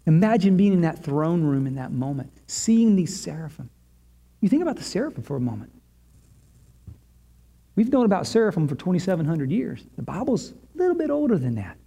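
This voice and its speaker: High-voiced man preaching dramatically. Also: sing-song, gravelly, dark tone, breathy edge. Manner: dramatic retelling with long pauses and repetition. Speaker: pastor. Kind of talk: sermon.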